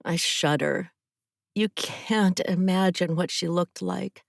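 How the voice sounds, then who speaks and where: A woman author reads her own thriller audiobook in the first person, telling it with feeling. Her voice sits low. The recording is dry and close, with no room sound. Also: slow, vocal fry, no room sound. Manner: emotional first-person storytelling. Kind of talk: audiobook narration.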